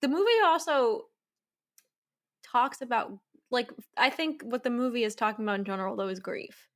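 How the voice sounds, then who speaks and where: A woman's voice: a little high, moderate pace, fairly bright tone. A woman co-hosting a film review podcast, talking casually and laughing along with her friend. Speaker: podcast co-host.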